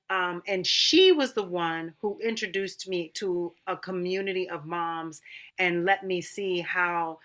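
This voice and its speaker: A woman opera singer and mother telling her story in an animated, casual way in a panel chat, calling people honey and girl. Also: lowish voice.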